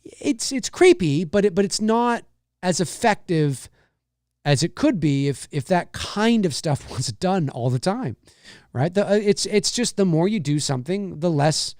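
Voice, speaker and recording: This is a man hosting a live-streamed talk show, chatting off the cuff with viewers and reading their comments. His delivery is rambling, with frequent restarts, and his pitch moves a lot. The sound is dry and close. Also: a little mellow, clear, resonant tone, no echo. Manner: rambling, many restarts and repeated phrases; drops into low, slow impressions and squeaky high mimicry.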